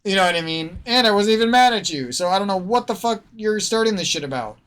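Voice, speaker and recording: This gaming streamer's voice sits high, bright, clear, and resonant, with lively intonation and a fast pace. He has a slightly nasal Midwestern American accent and rants in a profane, rambling vlog, breaking off his own sentences.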